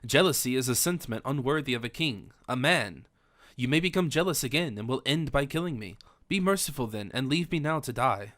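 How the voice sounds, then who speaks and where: A man's voice: medium pitch, animated, brisk, a bit bright, no echo, clean studio sound, natural voice. A man voicing a distraught, devout young woman in an audiobook, pleading in formal old-fashioned speech. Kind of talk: audiobook character reading.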